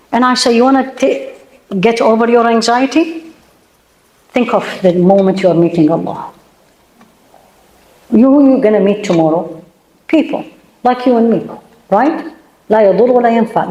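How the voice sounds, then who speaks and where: A woman lecturer giving a religious talk to a gathering of women, emphatic, asking her audience many questions and reciting Arabic verses quickly between her English. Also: mid-range voice, darkish tone. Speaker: Islamic lecturer. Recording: echoey room.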